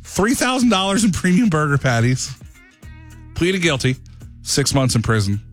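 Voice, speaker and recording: A man hosting an overnight radio show, telling a news story with wry, deadpan asides. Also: on the high side, normal speed, faint music behind. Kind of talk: casual radio monologue.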